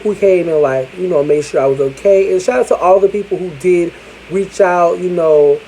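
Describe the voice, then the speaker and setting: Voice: mid-range voice, normal speed, mellow, slight background noise, poor audio. A vlogger telling a personal story to the camera in a candid, chatty way, with casual swearing.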